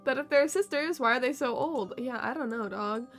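Young woman gaming streamer, high and bright, jokey quick reactions. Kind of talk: casual game commentary.

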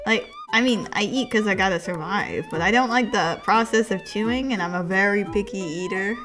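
A young woman from the US streaming a video game, chatting with viewers, giggly and excitable. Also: medium pitch, moderate pace, hardly any pauses. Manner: giggly, excitable, bursts into laughter. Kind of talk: casual gameplay live stream. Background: game music.

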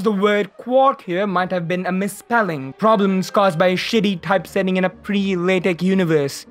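A science YouTuber giving a comedic explainer that is sarcastic and exasperated, with the odd swear word for laughs. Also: mid-range voice. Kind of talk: comedic educational monologue.

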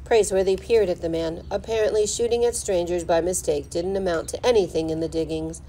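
Woman teacher, reading a chapter book aloud at home, lowish warm voice. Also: a little fast, a little hiss or hum, low-quality recording. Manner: steady, clear storybook narration. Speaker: fourth grade teacher. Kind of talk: reading a children's novel aloud.

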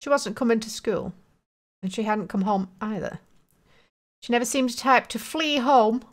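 A woman who hosts gaming videos runs a let's play, reading game dialogue aloud with crude joking asides and quick mock character voices. Her voice sits on the high side.

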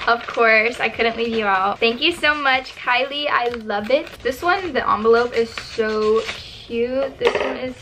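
A woman's voice: on the high side, unhurried, few pauses, noisy background. Bubbly teen girl gushing over mail. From Texas. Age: teens. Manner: bubbly, gushing, many "like" fillers. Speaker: vlogger. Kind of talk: casual mail-opening vlog.

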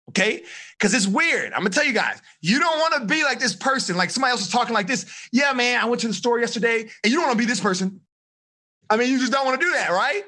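A man working as a life coach, teaching a live seminar in an energetic, animated way and checking in with the audience often. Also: sits high. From United States. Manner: energetic, animated, addresses audience with frequent okay and like.

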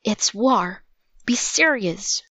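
A woman voicing a cautious, serious young boy in a storybook reading, often hushed. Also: medium pitch, animated, extremely slow, no echo, full character voice. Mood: whispering. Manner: worried, hushed. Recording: dull lo-fi recording.

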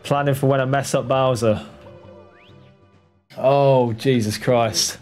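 A man's voice: mid-range voice, takes it slowly, long pauses, soft background music. A man livestreaming a game speedrun, chatting to his viewers and urging his character on, swearing when tense. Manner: excitable, swears, talks to the game character and chat. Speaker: speedrun streamer. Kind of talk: live gameplay commentary.

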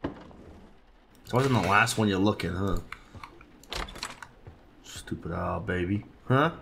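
A man's voice: low-pitched, takes it slowly, gravelly, fairly bright tone, a little hiss or hum. A man giving casual, profane let's-play commentary and teasing the baby in the game. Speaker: gaming channel host.

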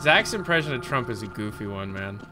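A man's voice: on the low side, big pitch swings, a little fast, noisy background. A man streaming a game, chatting casually, rambling and swearing as he plays, with a desk mic. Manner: rambling, profane, joking. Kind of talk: casual live gameplay commentary.

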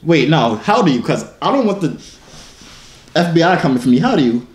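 A man's voice: a little high, sing-song, quick pace. 20 yr old guy from jersey, boastful and joking, lots of slang, echoey room. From New Jersey. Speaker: YouTuber. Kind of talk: casual vlog and video-chat banter. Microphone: phone.

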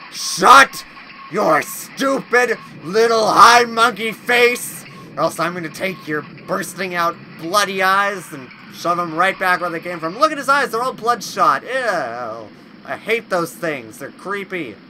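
A man playing a horror game on video, who talks to it and shouts at the monsters in a high voice that leaps all over the place. He mostly speaks slowly and draws out his words. A steady noise sits under the recording. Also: rough recording. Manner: loud, excitable, yelling insults at game monsters. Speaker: gaming video host. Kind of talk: let's play commentary.

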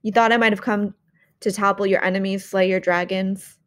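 An ancient, towering yew-tree monster, voiced by a woman reading aloud speaks with stern, formal authority. Its voice sits at a middling pitch, close to the reader's own, and carries an imperious weight. It comes from an audiobook reading. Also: fairly even intonation, moderate pace, dry recording, lightly acted. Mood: probing. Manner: formal, commanding speech.

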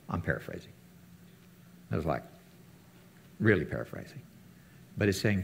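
This man preaches a relaxed sermon to his fellowship at a moderate pace, his intonation lively, with vocal fry, a breathy edge and long pauses. He keeps it conversational and performs the quotes he shares with big pitch leaps.

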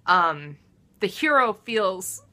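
A woman hosting her own comedy show, delivering a self-deprecating monologue that swings between loud mock-dramatic outbursts and muttered asides. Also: mid-range voice, big pitch swings, takes it slowly.

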